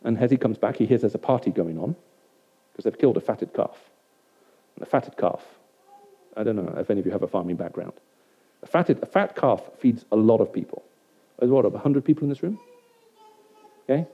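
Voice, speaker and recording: A man with a lowish, husky voice preaches to roughly a hundred people in a hall, talking briskly and expressively with frequent pauses. His sermon stays conversational, and he keeps asking the audience whether it makes sense. The recording is dull and lo-fi.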